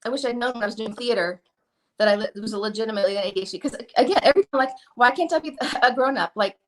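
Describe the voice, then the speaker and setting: A woman talks at a quick clip in a slightly high voice, rambling through a casual chat. She pokes fun at herself and acts out little asides along the way. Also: slight background noise. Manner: rambling, self-deprecating, quick with acted-out asides. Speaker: guest.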